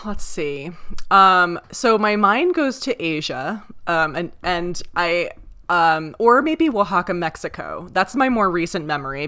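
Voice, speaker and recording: A woman's voice: lowish voice, bright, forceful tone. A woman who teaches, chatting casually about travel, rambling with fillers and restarts. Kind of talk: casual chat.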